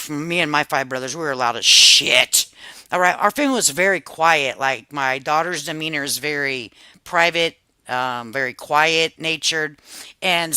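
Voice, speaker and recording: Sassy, animated woman streamer. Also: on the low side, no echo. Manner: animated, sassy, laughs often. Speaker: livestream host. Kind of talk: casual chat reacting to viewers.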